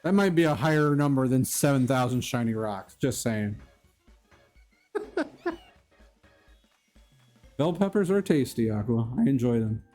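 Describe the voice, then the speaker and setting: A man's voice: medium pitch, animated, a little slow, pauses often, darkish tone, soft background music. A man live-streaming a video game, chatting casually with his viewers and laughing often. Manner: chatty, laughs often, talks to chat by name. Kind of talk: casual live-stream chat while playing.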